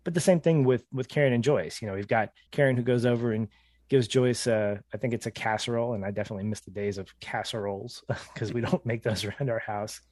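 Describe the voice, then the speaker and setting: A man's voice: medium pitch, quick pace, darkish tone, no room sound, clean studio sound. A man co-hosting a podcast, chatting casually through a TV episode recap in a reflective way, often laughing mid-sentence. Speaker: podcast co-host.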